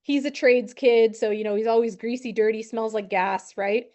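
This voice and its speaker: A woman in her thirties who trains insurance agents, telling a lively story with acted-out quotes. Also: a little high, moderate pace. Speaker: insurance and financial advisor training new agents. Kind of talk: storytelling talk to a team.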